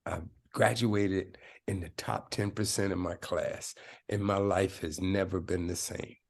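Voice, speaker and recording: A man's voice: sits low, steady tone, measured pace. A man of about seventy, a film director telling a personal story as an interview guest, emphatic and streetwise, often checking in with "right?". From South Side of Chicago. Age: around 70.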